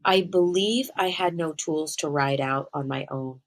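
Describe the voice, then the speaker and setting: A woman with a low voice tells a personal story as a spiritual medium. She sounds earnest and speaks straight to her listeners. She slows down to lean on the words that matter. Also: rough recording. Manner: earnest, addresses listeners directly.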